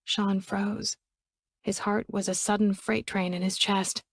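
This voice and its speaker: A woman narrating a romance audiobook in a steady, even storytelling voice on a close studio mic. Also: mid-range voice, unhurried, creaky, dry recording.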